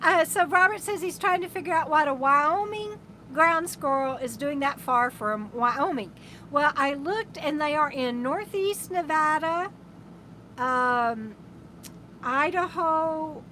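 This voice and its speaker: A woman's voice: sits high, sharp tone, a little hiss or hum. A woman hosts a casual RV live stream from inside her camper, reading viewer comments aloud in an affectionate, rambling way with many restarts. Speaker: RV travel vlogger, host of a live stream.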